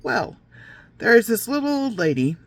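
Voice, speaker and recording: A woman's voice: on the high side, big pitch swings, moderate pace, voice pushed up. A woman voicing a cruel mother who relishes telling her daughters a gross, made-up tale in a sing-song manner. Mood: gleefully cruel.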